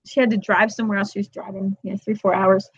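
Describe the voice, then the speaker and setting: A woman's voice: medium pitch, level tone, quick pace, slightly rough, dry recording. A woman hosting a casual weekly chat for moms, telling stories and acting out her friend's lines. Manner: chatty storyteller who acts out friends' lines in quotes; addresses viewers as "girl". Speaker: host of a weekly moms' chat. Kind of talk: casual live chat to viewers. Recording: dull, dry lo-fi webcam audio.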